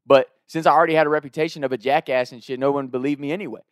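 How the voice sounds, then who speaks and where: A man's voice: a little high, racing, no room sound, clean studio sound. A young adult man telling a personal anecdote casually, swearing freely and acting out the quotes with animation. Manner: profane, animated, acts out quotes. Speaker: storyteller.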